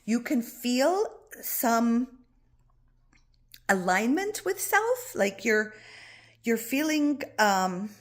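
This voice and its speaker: Gentle, reassuring woman coach. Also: on the high side, very animated, drawn-out words, long pauses. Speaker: spiritual coach. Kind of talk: heartfelt spoken advice to an online group.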